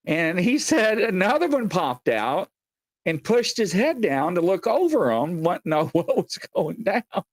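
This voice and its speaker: A man hosts a casual live show and spins eerie stories. His pitch swings widely as he acts out the voices of the people in his tales. The sound is close and dry. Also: unhurried, no room sound. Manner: animated storyteller, acts out quoted voices, many fillers. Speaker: show host. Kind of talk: casual live-stream storytelling.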